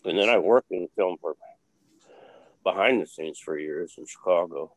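In a low voice at a moderate pace, an older former film crew member gives a casual interview, rambling through stories with lots of fillers and blunt swearing. The recording is low in quality.

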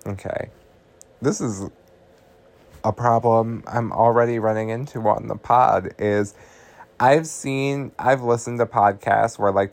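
Slow, low-voiced man recapping a movie. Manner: chatty, laughing, swears, uses filler "like" and "um". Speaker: podcast host.

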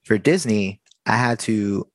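A low-voiced man tells a work story in a casual, talky way, jumping into the dialogue and playing out each exchange. His voice sits dry and close to the mic with almost no room echo. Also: measured pace. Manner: animated, acts out the dialogue. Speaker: theme park worker telling a story.

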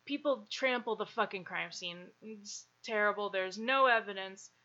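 A woman's voice: medium pitch, moderate pace, bright, forceful tone, highs cut off. A woman casually telling a true crime story as podcast co-host, laughing often and swearing freely.

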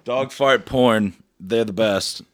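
A man's voice: fairly low pitch, slow pace, no room sound, clean studio sound. A man co-hosting a comedy podcast, trading crude casual banter with a crude, incredulous manner and frequent laughter. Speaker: podcast co-host.

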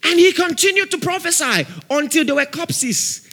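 Fervent high-voiced male preacher. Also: animated, normal speed, pushed and bright. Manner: fervent, calls out to the congregation. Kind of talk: sermon.

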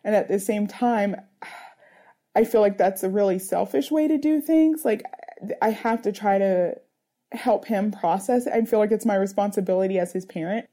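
A woman's voice: medium pitch, normal speed, dark tone. A woman in her thirties, a mother speaking earnestly in an interview, searching for words with many fillers. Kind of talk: reflective personal interview.

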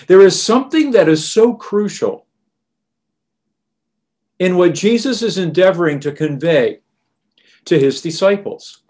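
Guy preaching a sermon, slow and earnest, kinda higher voice, softens on the quotes. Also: animated.

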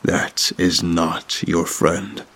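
A man voicing a stern, fearful man hiding in a cave, who speaks low and hisses through gritted teeth. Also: little pitch movement, extremely slow, a bit bright, full character voice. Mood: grim.

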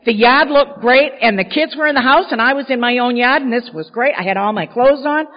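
A woman's voice: on the high side, a little fast. Woman speaker at a podium, frank, self-mocking storyteller, dull sound, long echoing hall. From Maine. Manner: candid, self-mocking storytelling, many "you know"s. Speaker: speaker sharing recovery story. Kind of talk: storytelling talk at a recovery gathering.

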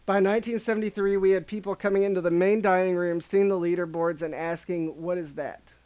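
A man's voice: high voice, fairly even intonation, quick pace, a little mellow, smooth. A man hosting a casual podcast chat and telling a story. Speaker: podcast host.

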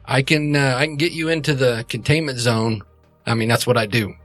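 A man's voice: medium pitch, a little fast, a bit bright, dry recording, lightly acted. Guy doing a big crude troll dude, casual drawl, dry close sound, faint music. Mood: easygoing. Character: gruff large male troll, blunt and crude.

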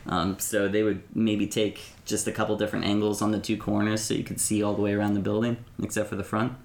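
Gravelly game master narrating a tabletop game. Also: male voice, lowish voice, flat delivery, darkish tone, echoey room. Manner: halting, with many fillers and restarts.

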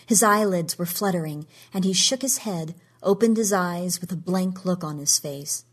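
A woman narrating a story in a measured, even reading. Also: on the low side, husky.

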